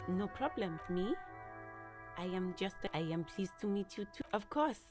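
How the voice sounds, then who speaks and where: A woman voicing a nervous townswoman in a detective game, answering in hesitant, halting replies. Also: medium pitch, expressive, music in the background, natural voice.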